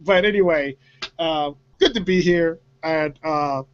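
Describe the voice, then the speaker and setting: A man's voice: a little high, unhurried, smooth. A man hosting a casual talk show, rambling with many fillers and frequent laughs. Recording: dull lo-fi audio.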